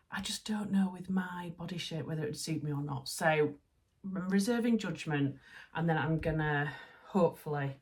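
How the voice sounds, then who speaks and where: Talking casually to camera, a Yorkshire woman in her thirties who vlogs about sewing gushes over the gifts she's been given. Her voice is fairly low, her accent Yorkshire English, with slight background noise behind her.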